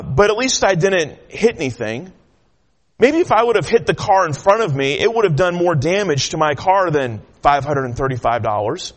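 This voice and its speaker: Guy preaching, chatty story with lots of uhs, slightly high voice, big echoey church. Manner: folksy storytelling with frequent uh fillers. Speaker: pastor. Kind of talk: sermon. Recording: long hall reverb.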